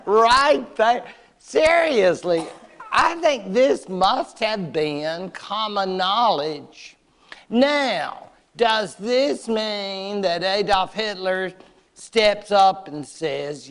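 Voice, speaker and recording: A man's voice: high-pitched, lively intonation, drawn-out words, a bit bright, slight background noise. A man giving a history lecture to adult learners, chatty and wry with playful asides.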